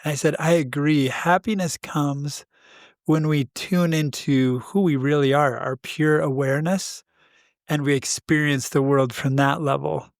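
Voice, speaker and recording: A man co-hosting a podcast, telling a story in a casual, animated way, acting out quoted dialogue and laughing often. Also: fairly high pitch, unhurried, creaky, no echo, studio quality. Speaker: podcast co-host.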